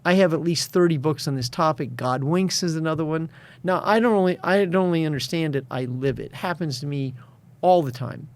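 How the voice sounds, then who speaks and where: A man's voice: a little high, brisk. A man being interviewed as a success and addiction coach, telling stories with confidence and acting out the voices of people he quotes. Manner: storytelling, acts out quoted voices. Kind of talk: interview conversation.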